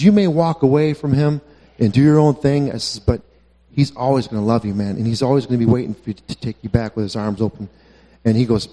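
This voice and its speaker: A man's voice: medium pitch, mellow, in a large hall. A married man earnestly telling a church testimony, often repeating "man" and "I says". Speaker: church member giving testimony. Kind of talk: testimony story.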